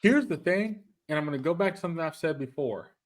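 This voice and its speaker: A man's voice: on the high side, expressive, fast. A man co-hosting a casual anime podcast, talking emphatically and repeating himself as he argues his points. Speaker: podcast co-host.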